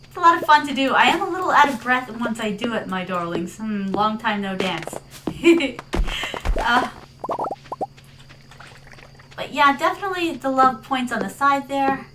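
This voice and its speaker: Chatty woman streamer, high bright-pitched voice, sprinkles in Japanese words and endearments, steady noisy background hiss. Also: normal speed. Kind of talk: casual live-stream gameplay chat.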